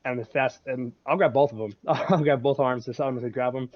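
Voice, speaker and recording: A man's voice: mid-range voice, steady tone, a little fast, dry recording, lo-fi sound. A man playing a tabletop game, rambling through his character's moves with lots of fillers and laughs. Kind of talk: casual in-character game chat.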